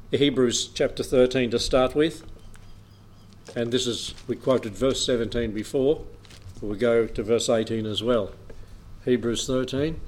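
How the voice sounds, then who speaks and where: A man's voice: mid-range voice, darkish tone. A man preaching a Bible teaching in an easy, conversational way, reading scripture aloud and chuckling now and then.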